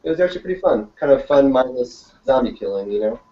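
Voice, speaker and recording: A man co-hosting a casual chat, loose and halting, laughing often. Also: medium pitch, animated. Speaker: podcast co-host. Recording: roomy, distant, lo-fi with faint hiss.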